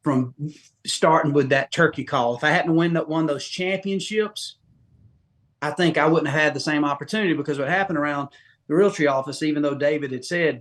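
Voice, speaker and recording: Animated Southern man telling stories. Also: a little high, fairly quick. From Georgia, US. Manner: folksy, animated, acts out quotes with big voice jumps. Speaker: podcast guest. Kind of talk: casual storytelling interview.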